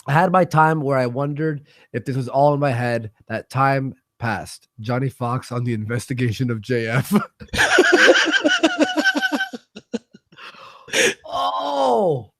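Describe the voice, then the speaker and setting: A man's voice: mid-range voice, very animated, normal speed, vocal fry, hardly any pauses. A man from Canada hosting a livestream, chatting casually with a guest, swearing freely and reading viewer donation messages aloud. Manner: profane, laughs loudly, reads viewer messages aloud.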